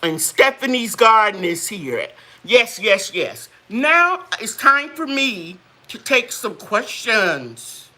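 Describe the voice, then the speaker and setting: A woman's voice: a little high, sing-song, slow, sharp tone. A woman hosting a live gardening chat, folksy and chatty, greeting viewers and laughing often. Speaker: gardening channel host.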